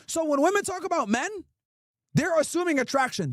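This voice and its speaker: A man's voice: very high-pitched, sing-song, brisk, a bit bright, faint music behind. A man hosting a livestream, ranting bluntly and profanely while reacting to clips. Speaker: livestream host. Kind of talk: casual streaming rant reacting to clips.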